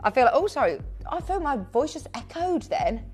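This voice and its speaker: A woman's voice: high voice, sing-song, moderate pace, darkish tone, soft background music. A woman presenting live on a shopping channel, chatty and upbeat, calling out buyers' names. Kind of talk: live TV sales pitch.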